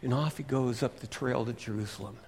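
A male preacher telling a Bible story in a lively, interactive way, asking his listeners questions as he goes. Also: medium pitch, a little fast. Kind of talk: storytelling sermon.

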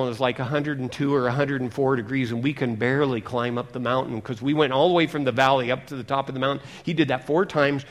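A male pastor preaching a sermon, telling a story dramatically and swinging from loud emphasis to hushed near-whispers. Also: mid-range voice.

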